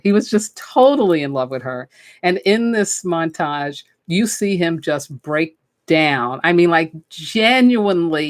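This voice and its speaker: A woman hosting a spiritual talk show, chatting casually and enthusiastically about films, with frequent fillers. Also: sits low. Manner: enthusiastic, chatty, with many fillers and "you know". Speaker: podcast host and spiritual teacher. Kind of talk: casual spoken film commentary.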